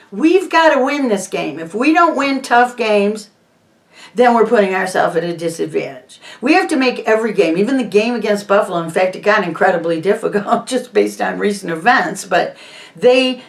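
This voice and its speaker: A woman's voice: mid-range voice, gravelly, recorded from a distance. A woman hosting a casual monologue vlog, rambling and emphatic, moving between topics. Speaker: host. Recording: echoey room, voice off-mic.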